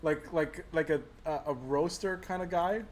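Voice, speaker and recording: A man's voice: a little high, normal speed, darkish tone, slight background noise. A man co-hosting a livestream in casual banter who swears freely, laughs often and acts out quotes. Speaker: livestream co-host.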